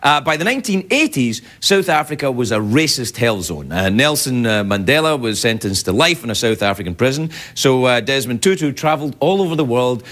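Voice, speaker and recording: A man's voice: mid-range voice, a bit bright. A middle-aged Scottish man giving a rambling, playful comedic monologue as a late-night talk show host. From Scotland. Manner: rambling, self-interrupting, playful. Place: television studio with live audience.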